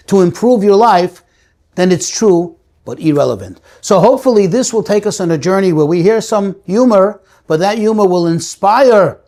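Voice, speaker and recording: A man, a rabbi hosting his channel, tells a comic story with a moral in an animated way, stretching words for effect. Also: high-pitched.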